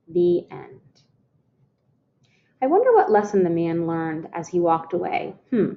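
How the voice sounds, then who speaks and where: A woman reading a picture book aloud to children, expressive, calling her listeners "friends" and asking them questions. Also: on the low side, a little slow, dull audio. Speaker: storytime reader.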